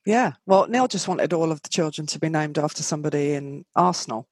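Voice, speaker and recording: A woman's voice: low voice, a little fast, no room sound. A woman hosting a podcast in casual chat, talking easily with trailing asides. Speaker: podcast host.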